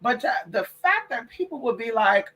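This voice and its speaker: A woman's voice: a little high, big pitch swings, moderate pace, fairly bright tone, dull audio. A woman hosting a late-night livestream in casual, profane chat, calling her listeners girl and y'all. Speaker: livestream host.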